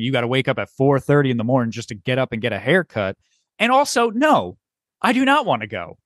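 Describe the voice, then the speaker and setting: A young man tells a story on a casual podcast, swearing freely and acting out both sides of the conversation. His voice sits a little high and swings widely as he gets worked up. The sound is dry and close. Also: no echo. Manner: animated, profane, exasperated storytelling with acted-out dialogue. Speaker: podcast co-host.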